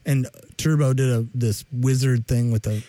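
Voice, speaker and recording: Joking man with a dark, dry voice. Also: mid-range voice, steady tone, normal speed, no echo. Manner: jokey, rambling, breaks into humming and mock-singing. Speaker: podcast co-host. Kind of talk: casual chat.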